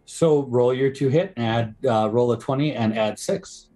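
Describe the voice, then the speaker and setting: A man running a tabletop game as dungeon master, easygoing and relaxed in how he prompts players. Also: mid-range voice, moderate pace, soft background music.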